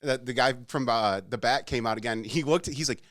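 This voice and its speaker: In a studio-quality recording with no room sound, a podcast co-host tells the story of a bar prank with lots of animation, performing each quote. His voice sits at medium pitch and moves fairly quickly during the casual chat.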